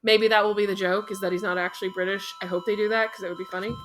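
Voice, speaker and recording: Bright-voiced woman, sardonic podcast chatter. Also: medium pitch, little pitch movement. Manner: chatty, sardonic, quick asides. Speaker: podcast co-host. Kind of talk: casual chat.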